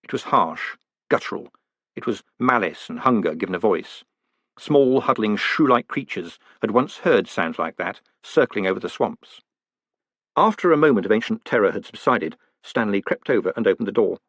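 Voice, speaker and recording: Husky, animated male audiobook narrator. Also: lowish voice, a little fast, no echo. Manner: expressive storytelling, wry.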